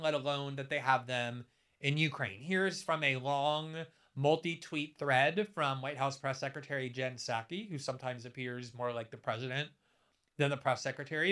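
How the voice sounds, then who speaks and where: Man in his fifties, commentary monologue, bright forceful tone, slightly higher voice, emphatic rhetorical questions. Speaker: political commentator.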